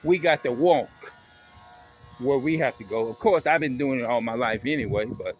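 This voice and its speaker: A man's voice: mid-range voice, normal speed, lo-fi sound, slight background noise. A man ranting in an emphatic, repetitive monologue to his viewers, swearing as he drives his points home. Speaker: vlogger.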